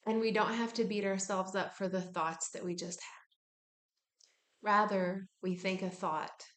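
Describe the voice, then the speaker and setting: A woman giving a casual self-help talk, relaxed and frank, with casual swearing. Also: mid-range voice, slow, reverberant. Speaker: wellness speaker.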